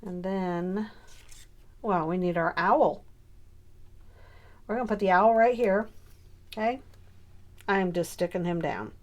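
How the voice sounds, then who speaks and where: A woman's voice: mid-range voice, unhurried, long pauses. A woman scrapbooking on camera, chatting casually and muttering to herself as she works. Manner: self-talking, muttering while working. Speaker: scrapbooking vlogger. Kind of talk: casual crafting chat.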